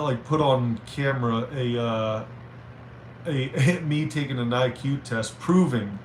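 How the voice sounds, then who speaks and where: A man streaming live, chatting casually and reading viewer messages aloud with halting restarts. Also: mid-range voice, fairly bright tone. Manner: rambling, reads chat aloud, halting restarts. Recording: roomy with faint noise.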